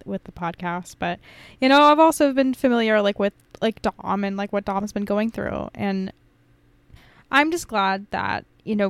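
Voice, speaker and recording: A woman co-hosting a podcast, talking casually and warmly, with plenty of swearing and filler words. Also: mid-range voice, no echo. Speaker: podcast co-host.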